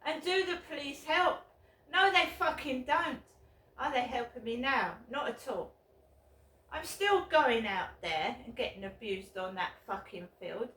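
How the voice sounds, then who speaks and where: A woman ranting angrily in a vlog, swearing and bursting into shouts. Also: high voice, animated, unhurried. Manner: bitter, swearing, shouting outbursts. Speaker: vlogger. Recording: roomy echo, mic at a distance.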